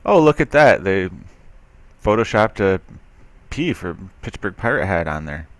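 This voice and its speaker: A low-pitched man, very animated yet measured in pace, reads a news article aloud and comments skeptically and sarcastically. As a commentary video host, he talks loosely with frequent fillers and restarts, and the recording is dry.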